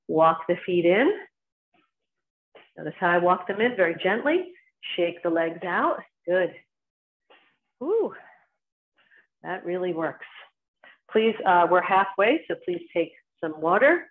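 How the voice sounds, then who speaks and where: A woman with a New Jersey accent guides a qigong session in brief, paced commands matched to the movements. Her voice sits fairly low, and the recording is thin and tinny, like a phone line. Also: slow, pauses often. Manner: short spoken cues timed to movement. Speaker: qigong instructor. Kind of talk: guided exercise class instruction.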